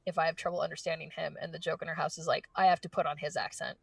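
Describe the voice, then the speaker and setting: A woman voice actress being interviewed, chatting casually and fast with lots of fillers and restarts. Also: low voice, little pitch movement, creaky, dry recording, far from the mic. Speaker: voice actress guest.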